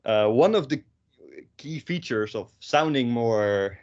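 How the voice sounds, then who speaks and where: A man's voice: medium pitch, animated, takes it slowly, darkish tone, no room sound, lo-fi sound. A young man with a Dutch accent, teaching a language lesson in a rambling way with many fillers and self-corrections. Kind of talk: online lesson. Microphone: own microphone with a pop filter.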